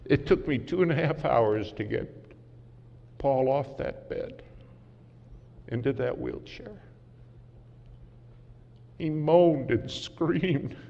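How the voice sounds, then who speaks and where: A man preaching a sermon as a story, dramatic and swinging from loud to hushed, recorded in a large conference hall. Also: mid-range voice, slow pace, creaky, pauses often. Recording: muffled hall recording with faint hiss.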